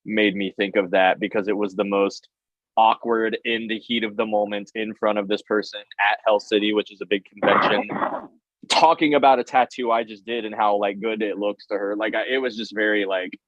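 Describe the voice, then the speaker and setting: Low-voiced man telling a self-deprecating story. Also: steady tone, normal speed, no room sound, muffled recording. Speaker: tattoo artist guest. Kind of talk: casual chat, storytelling.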